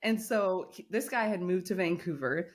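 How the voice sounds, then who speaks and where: Her voice sits on the low side, slightly rough, at a normal pace. As a podcast co-host she shares an animated story in casual chat and acts out the quotes.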